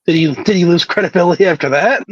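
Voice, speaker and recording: A man's voice: high voice, fast, dry recording. A man co-hosting a casual wrestling recap podcast, joking, laughing often and repeating his words. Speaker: podcast co-host. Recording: dull lo-fi dry sound.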